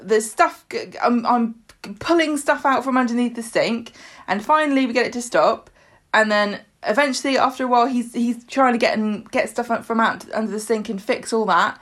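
A woman co-hosting a podcast in casual chat, telling stories animatedly with laughs and loud acted quotes. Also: a little high, moderate pace. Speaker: podcast co-host.

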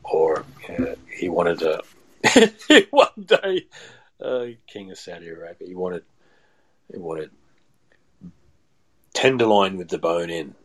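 Low husky chef. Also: male voice, sing-song, slow, pauses often, fairly bright tone, rough recording. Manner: rambling, repeats and restarts phrases. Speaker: chef, podcast guest. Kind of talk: casual storytelling chat.

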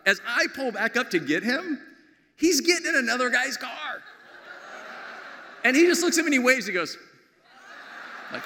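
A middle-aged man preaching a sermon as pastor, with animated storytelling that swings from loud to hushed. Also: very high-pitched, brisk, slight background noise. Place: large church sanctuary. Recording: long hall reverb.

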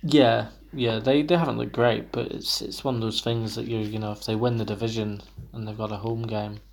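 A man's voice: fairly low pitch, little pitch movement, brisk, creaky. A man co-hosting a casual sports podcast, bantering and giving emphatic opinions. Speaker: podcast co-host.

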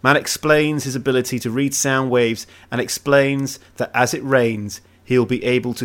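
A man's voice: medium pitch, fairly even intonation, normal speed, hardly any pauses. A man co-hosting a casual podcast, reading plot summaries aloud and breaking off for jokey asides. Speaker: podcast co-host. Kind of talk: casual movie recap chat.

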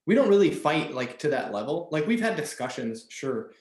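A man's voice: fairly high pitch, very animated, normal speed, darkish tone, echoey room. A man in his thirties, a father, chatting casually on a podcast with many fillers and restarts. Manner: rambling, lots of fillers and restarts. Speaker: podcast co-host.

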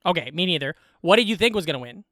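A man co-hosting a comedy podcast, chatting casually, joking quickly and laughing often. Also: on the high side, lively intonation, fairly bright tone, no room sound, studio quality. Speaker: podcast co-host.

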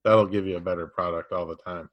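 A man's voice: sits low, steady tone, quick pace, muffled recording. A man hosting a podcast, chatting casually and agreeing with his guest in short replies. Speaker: podcast host. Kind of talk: casual interview chat.

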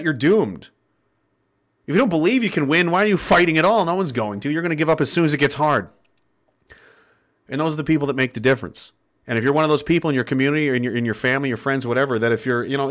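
Man ranting to his viewers, swears a lot, fervent and rambly, a bit high voiced. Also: fairly bright tone. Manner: profane, rambling, fervent, with restarts. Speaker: online commentator. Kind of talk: impassioned monologue.

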